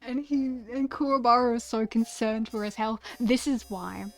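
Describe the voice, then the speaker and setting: A woman's voice: fairly high pitch, moderate pace. A young woman streamer chatting casually and gushing about favorite characters, stammering and repeating words often.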